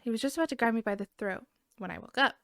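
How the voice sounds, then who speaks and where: A woman's voice: fairly high pitch, very fast, gravelly, fairly bright tone, no echo. A young woman co-hosting a podcast, reading a scary online story aloud, giggling and restarting lines as she goes.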